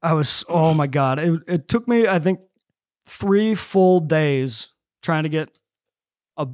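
A man from Nebraska telling a story on a casual podcast, profane and animated as he acts out what people said. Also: a little high, slow, no echo, studio quality. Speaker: podcast host.

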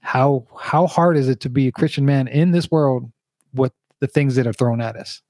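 A man in his forties hosting a podcast, telling animated stories and laughing often. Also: mid-range voice, moderate pace, no room sound, studio quality. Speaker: podcast host. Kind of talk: casual podcast chat.

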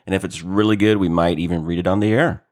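A man's voice: low voice, steady tone, quick pace. A man co-hosting a casual podcast who laughs often and stumbles over his words. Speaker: podcast co-host.

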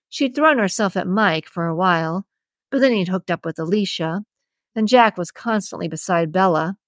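A woman reading a romance novel aloud as audiobook narrator, in an even, measured storytelling manner. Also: fairly low pitch, no room sound, clean studio sound. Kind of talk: scripted narration.

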